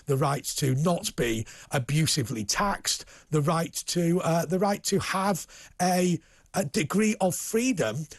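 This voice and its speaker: A middle-aged British man hosting a political TV interview, animated and prone to restarting his sentences. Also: a little high, a little slow, no room sound. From United Kingdom. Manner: animated, repeats words when starting sentences. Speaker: TV host and political commentator. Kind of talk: casual studio interview.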